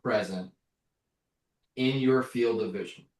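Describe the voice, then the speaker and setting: Male game master, slow and hesitant, distant mic in a very echoey room. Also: fairly low pitch. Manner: halting, filler-heavy narration. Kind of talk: running a tabletop game.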